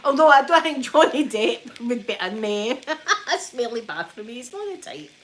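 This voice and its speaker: A Scottish woman chatting in a soft ASMR style, telling stories with plenty of giggles. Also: fairly high pitch, very animated, a little slow. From Scotland. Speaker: vlogger. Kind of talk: ASMR chat.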